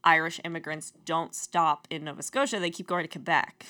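Brief: young woman, podcast co-host, lower voice, explains history and laughs easily, dry close mic. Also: steady tone, a little fast, dry recording. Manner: explains from notes, laughs often, drops her voice for dark points.

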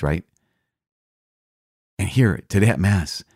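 A man's voice: deep voice, unhurried, creaky, pauses often, darkish tone, breathy edge, no room sound, clean studio sound. A man, a priest, teaching in an earnest storytelling way, repeating key lines for emphasis. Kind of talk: podcast teaching on scripture.

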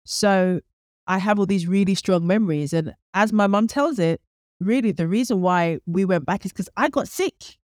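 A woman's voice: mid-range voice, moderate pace, darkish tone, no echo, clean studio sound. A middle-aged woman from the UK, a podcast guest in casual interview chat, telling personal stories in a chatty, conversational way. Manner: chatty, conversational storytelling with fillers.

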